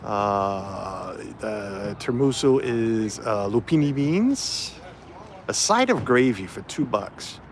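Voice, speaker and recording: Strolling through a festival grounds on a phone livestream, this man rambles casually with plenty of fillers. His fairly low voice is very animated though he takes it slowly, and there is slight background noise.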